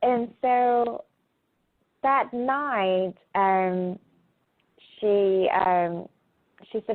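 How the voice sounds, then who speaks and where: A woman's voice: mid-range voice, fairly even intonation, drawn-out words, pauses often. A middle-aged woman talking as a guest in a casual interview over a phone call, speaking hesitantly with many filler sounds. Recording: tinny phone line.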